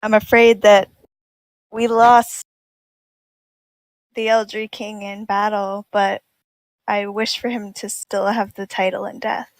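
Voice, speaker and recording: A woman voicing a solemn, grieving male adventurer who speaks quietly. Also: mid-range voice, flat delivery, slow pace, pauses often, no echo, close to an everyday voice, poor audio.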